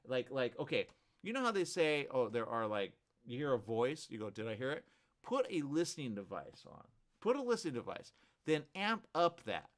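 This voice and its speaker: Animated rambling male show host. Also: mid-range voice. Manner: rambling, animated, many restarts and asides. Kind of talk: live morning show chat.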